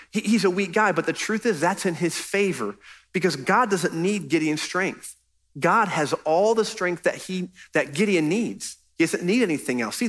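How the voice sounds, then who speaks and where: A man's voice: a little high, a bit bright, breathy edge. A man preaching a sermon as pastor, earnest and conversational, pressing his points with emphasis.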